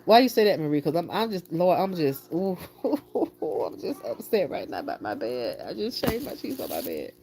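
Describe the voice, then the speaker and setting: A woman's voice: on the low side, big pitch swings, normal speed, few pauses, noisy background. A woman vlogging from her bedroom, chatting straight to her viewers in an exasperated, talkative way. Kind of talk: casual chat to viewers. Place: home bedroom.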